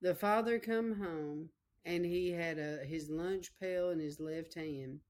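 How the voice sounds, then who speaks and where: A woman's voice: fairly low pitch, slow pace, a little mellow. A middle-aged woman preaching a sermon, telling a personal testimony in an emotional, repetitive way and speaking straight to her listeners. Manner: emotional, repetitive storytelling, addresses listeners directly.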